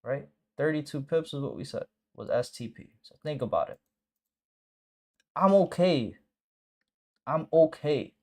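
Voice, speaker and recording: Hosting a live forex stream, this mentor speaks straight to his viewers in a blunt, profane, slangy way, hammering points with repeated short phrases. His voice sits on the high side and is a little mellow, with lively intonation. He keeps a measured pace and pauses often.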